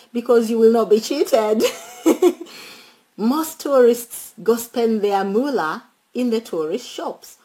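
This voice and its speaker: A woman chatting casually as a travel vlogger, animated and quick to laugh, speaking to her viewers and calling out friends by name. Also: mid-range voice, low-quality recording. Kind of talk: casual travel tips chat.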